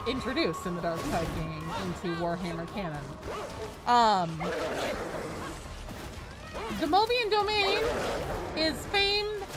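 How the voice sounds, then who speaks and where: Nerdy woman streamer rambling about game lore, lively voice, music playing behind. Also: high voice. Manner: nerdy, rambling, full of fillers. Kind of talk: casual live-stream chat.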